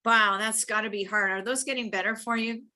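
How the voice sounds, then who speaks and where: A bright, clear-toned woman talks through a speech evaluation over a video call. She is chatty and encouraging, with quick asides where she acts out what she thought. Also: medium pitch, fairly even intonation. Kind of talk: spoken feedback on a speech.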